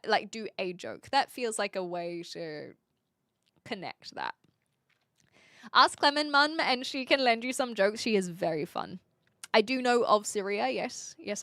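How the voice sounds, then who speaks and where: Bright, chatty woman streamer. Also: on the high side, no echo, clean studio sound. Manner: chatty and giggly, loose and joking. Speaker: livestreamer. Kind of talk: casual live-stream chat, reading viewer comments.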